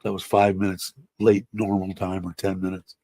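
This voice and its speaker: Older male livestream host, deep mellow voice, profane rambling chat, dry sound. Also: completely flat delivery, normal speed, dry recording. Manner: rambling, blunt, profane, laughs often. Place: home in Thailand.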